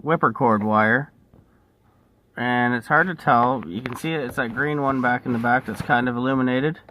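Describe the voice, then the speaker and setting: A man's voice: mid-range voice, normal speed, sharp tone, slight background noise. A man doing a casual how-to while working on a car in a workshop, rambling and correcting himself, breathing heavily from the work, recorded alone on a set-up camera. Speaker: home mechanic demonstrating a repair. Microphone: camera set up alone with no operator.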